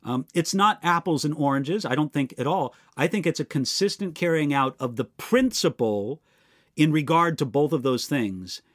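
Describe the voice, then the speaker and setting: Male Bible teacher for live Q&A, earnest and explanatory, slightly high voice, dry sound. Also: animated, normal speed, fairly bright tone, no room sound. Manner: earnest, explanatory, addresses questioners by name. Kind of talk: live Q&A, answering viewer questions.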